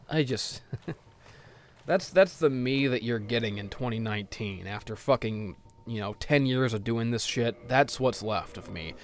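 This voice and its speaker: A man ranting in grumbly, profane, casual gameplay commentary. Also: medium pitch.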